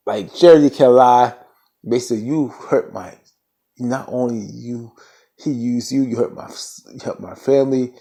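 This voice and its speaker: A man casually recapping a TV episode in an animated, slangy way, full of playful asides. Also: medium pitch, brisk. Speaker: TV recap vlogger.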